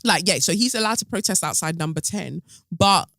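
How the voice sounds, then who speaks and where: Chatty, sassy man, slightly high voice. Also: a little fast, creaky, dry recording. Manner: animated and gossipy, full of filler ums and sassy asides. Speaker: podcast host. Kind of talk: casual commentary podcast.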